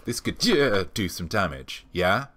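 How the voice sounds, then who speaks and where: A man hosting his show, delivering a rambling, deadpan comic monologue full of ums. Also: lowish voice, measured pace, background noise. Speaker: show host.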